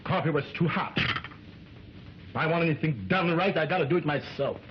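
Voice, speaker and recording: An actor playing an arrogant, bullying stage ventriloquist in an early sound film. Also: male voice, on the high side, moderate pace, a little hiss or hum, lightly acted. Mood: boastful. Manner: haughty and scornful. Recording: dull lo-fi 1920s film soundtrack with music.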